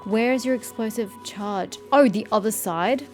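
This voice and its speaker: A woman playing a video game and commentating casually, sarcastic and quick to swear, reading the on-screen text aloud. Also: medium pitch, darkish tone, soft background music. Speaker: let's-play streamer.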